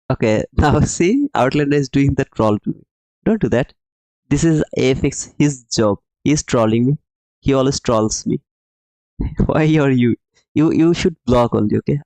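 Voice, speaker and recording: A man's voice: mid-range voice, expressive, normal speed, warm tone, dry recording, rough recording. A man hosting a live trading stream who explains the market emphatically, repeats his points and calls his viewers brother while answering the chat. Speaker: livestream trading host.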